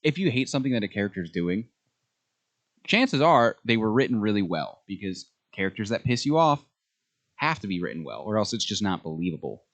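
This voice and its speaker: A man co-hosting a podcast, chatting casually and excitedly about a show, with many ums. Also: on the low side, fairly quick. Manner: enthusiastic fan talk with frequent fillers. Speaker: podcast co-host. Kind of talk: casual chat.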